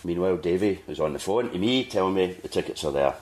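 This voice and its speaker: Man, Scottish accent, very low voice, casual storytelling chat, animated. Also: fast talker. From Scotland. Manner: animated anecdote-telling, acting out quotes. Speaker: podcast host.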